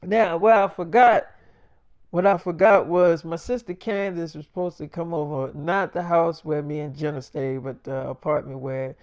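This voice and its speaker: A man's voice: fairly high pitch, steady tone, moderate pace, darkish tone, clear, resonant tone. A man telling a made-up first-person story in a loose, rambling, profane way. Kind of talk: freestyle role-play storytelling.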